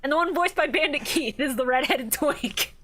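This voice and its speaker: Bright high-pitched laughing woman. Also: moderate pace. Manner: laughing, sarcastic, animated. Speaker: podcast co-host. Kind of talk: casual comedic chat.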